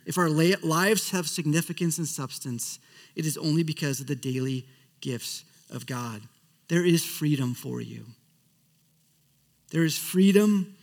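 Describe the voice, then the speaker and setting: A man preaching a sermon as a pastor, earnest, often dropping to a soft hush at the ends of phrases. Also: a little high, big-room sound.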